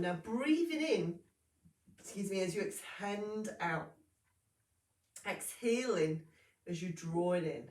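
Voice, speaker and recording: Brief: woman, Pilates instructor, steady calm cueing, a bit sniffly, voice distant in a roomy space. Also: medium pitch. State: sniffly with hay fever. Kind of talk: guided exercise class instruction. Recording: roomy sound, mic at a distance.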